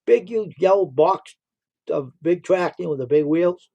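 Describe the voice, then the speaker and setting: A man's voice: high voice, measured pace, creaky, mellow, muffled recording. A middle-aged man hosting a livestream, telling rambling stories and repeating himself. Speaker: livestream host. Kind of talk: casual storytelling.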